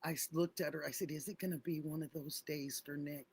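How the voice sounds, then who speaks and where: A woman's voice: low voice, fairly even intonation, fairly quick, background noise. A middle-aged woman hosting a casual livestream, chatting effusively and thanking viewers by name. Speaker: livestream host.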